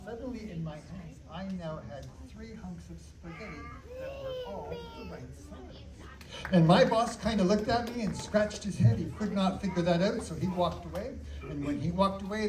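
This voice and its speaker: A male children's magician doing a playful, animated magic show and storytelling in a library, talking with the audience. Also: sits high, distant mic. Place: public library room. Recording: echoey room from afar with kids.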